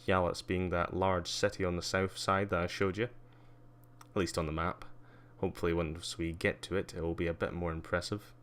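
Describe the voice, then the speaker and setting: A man's voice: low-pitched, flat delivery, normal speed, a bit bright, smooth. A man giving a casual live-stream tour, rambling with lots of ums and uhs and wry asides. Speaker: livestreamer.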